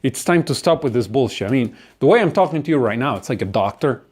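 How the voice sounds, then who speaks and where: A man's voice: medium pitch, animated, fast, a little mellow, slightly rough. A man delivering a profane, sardonic comedic rant about philosophy and human existence. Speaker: monologuist.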